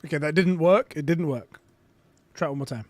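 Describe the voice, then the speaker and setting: A man hosting a casual live stream, reading aloud and reacting with excitement and frequent swearing. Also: on the high side, brisk, no room sound.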